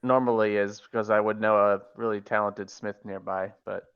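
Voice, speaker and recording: A laid-back, joking man chats as a player in a tabletop game. His voice is smooth and somewhat low, and the mic sounds dull and lo-fi. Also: little pitch movement, normal speed, a bit bright. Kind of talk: casual tabletop game chat.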